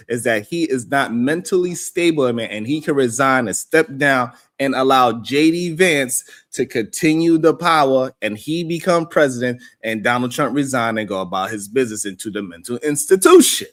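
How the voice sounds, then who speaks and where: A man with a medium-pitched voice hosts a live call-in stream, talking casually. He reacts to viewer comments and mocks critics by putting on exaggerated voices.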